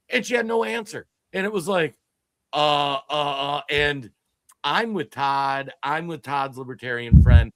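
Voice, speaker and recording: A man's voice: on the high side, lively intonation, moderate pace, fairly bright tone, dry recording. A man co-hosting a political talk show, telling stories in a rambling way with many restarts. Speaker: podcast co-host.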